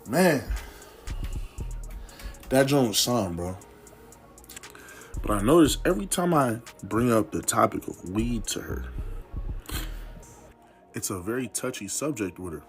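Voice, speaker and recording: A young man casually telling a story from his life, animated and full of slang. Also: moderate pace, long pauses, soft background music. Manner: animated, slangy, swoops up to high exclamations. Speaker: vlogger.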